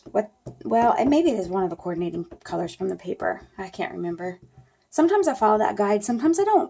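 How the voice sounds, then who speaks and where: Lady doing a craft tutorial, chatty and folksy, soft mellow voice. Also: mid-range voice, gravelly. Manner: chatty, folksy, talks to viewers while working. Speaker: craft demonstrator.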